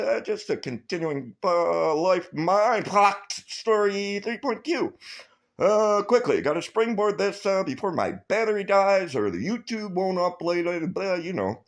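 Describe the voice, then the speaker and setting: Rambling, profane man with a lively voice. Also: high-pitched. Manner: profane, rambling, animated storytelling; quotes others in mocking voices. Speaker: vlogger.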